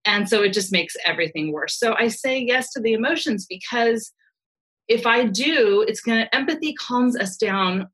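A woman's voice: on the high side, animated, normal speed, a bit bright, slightly rough, poor audio. A middle-aged woman, a parenting expert guest on a podcast, explaining earnestly and laughing lightly now and then.

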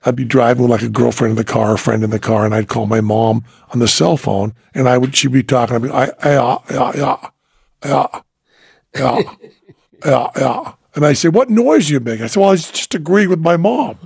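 A man's voice: mid-range voice, fast talker, creaky, few pauses, a little mellow, breathy edge, no room sound, clean studio sound. A man from Western Massachusetts hosting a podcast in casual chat, laughing often and repeating words as he restarts. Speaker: podcast host.

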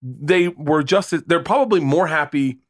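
A man's voice: a little high, a little slow, no room sound, studio quality. A man in his forties, a comedian guest, telling rambling stories with stammered restarts and swearing. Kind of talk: casual podcast storytelling.

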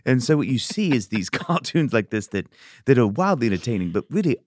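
A man playing Santa Claus as a podcast guest, telling deadpan tall tales with playful asides. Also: medium pitch, a little fast, no room sound, studio quality. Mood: joking. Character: jolly male Santa Claus, joking and tall-tale telling. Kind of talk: comedic in-character interview. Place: studio.

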